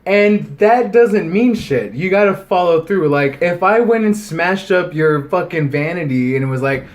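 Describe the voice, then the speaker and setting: A man's voice: high-pitched, normal speed. A man co-hosting a casual podcast, telling a story with lots of swearing and acting out the people in it. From United States. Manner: animated storytelling, acts out quoted people, swears freely. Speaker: podcast co-host. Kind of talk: casual chat.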